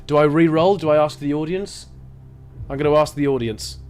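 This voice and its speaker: A young man commentating casually on a live game stream, jokey, excitable and swearing freely. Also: fairly high pitch, brisk, a little hiss or hum.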